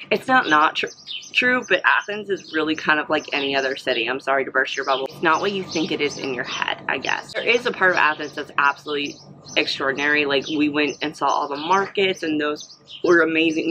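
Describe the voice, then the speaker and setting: Bright-voiced young woman chatting casually. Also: low-pitched, a little hiss or hum, low-quality recording. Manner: rambling, many fillers and restarts. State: has the hiccups. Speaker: vlogger. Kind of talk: casual chatty travel recap.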